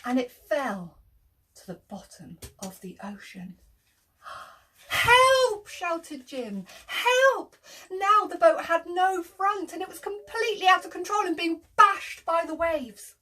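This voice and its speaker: A woman telling an interactive children's story, animated, gasping often, making sound effects and inviting the children to join in. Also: very high-pitched, measured pace.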